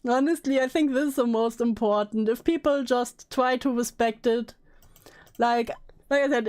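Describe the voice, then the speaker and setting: A woman's voice: high voice, a little mellow, clear, resonant tone. A woman giving casual reaction commentary, sarcastic and swearing, often laughing. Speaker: commentary streamer.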